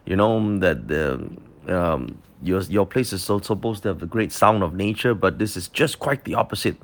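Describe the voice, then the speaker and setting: A man's voice: low voice, lively intonation, moderate pace. A man voicing an irritable, easily offended famous artist as he retells a story, complaining with many fillers. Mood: annoyed. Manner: complaining, exasperated.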